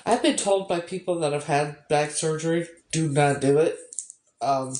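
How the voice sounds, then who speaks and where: A woman's voice: low-pitched, moderate pace, a little mellow. A woman chatting casually on a phone livestream, sarcastic and swearing a lot as she greets viewers. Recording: roomy echo.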